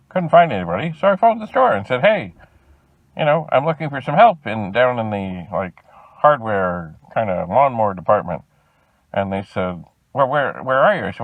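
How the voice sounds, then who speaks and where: A man from Canada telling a long customer-service story, animated and exasperated in tone. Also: medium pitch, no echo, narrow, tinny audio. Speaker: video host. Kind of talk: storytelling vlog.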